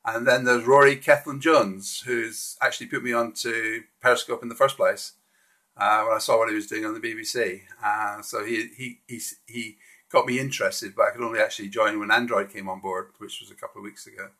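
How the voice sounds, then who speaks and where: A man's voice: on the low side, steady tone, fairly quick, sharp tone. A man hosting a casual live stream, walking through slides in a friendly, hesitant way with frequent restarts.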